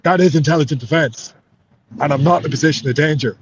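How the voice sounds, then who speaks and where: An Irish man in an interview, talking in a heated, frustrated way and swearing freely. His voice sits a little high, and the recording sounds dull and lo-fi. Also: quick pace, a little hiss or hum. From Ireland. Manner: heated, swears a lot, says mate. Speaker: MMA fighter.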